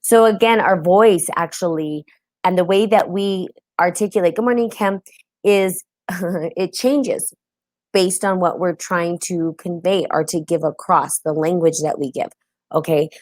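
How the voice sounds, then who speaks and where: A woman's voice: on the low side, measured pace, darkish tone, no room sound. A woman hosting a live-streamed spiritual talk, chatting casually, often asking "right?" and greeting viewers as she goes.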